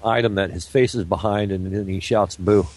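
Deep-voiced deadpan joking man. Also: brisk. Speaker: podcast co-host making a prank call. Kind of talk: casual chat.

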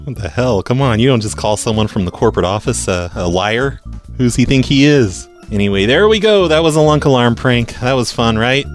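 A man's voice: medium pitch, expressive, faint music behind. Joking man hosting a prank show. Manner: joking, quick banter. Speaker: prank call show host. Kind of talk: casual chat reading voicemails.

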